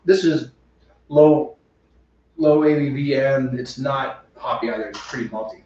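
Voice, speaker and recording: Laid-back brewing buddy, mid-pitched voice, room echo, sounds far away. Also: male voice, a little slow, a little mellow. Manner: easygoing, short agreeing replies. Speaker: homebrew show co-host. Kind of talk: casual chat. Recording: echoey room, mic far off, dull.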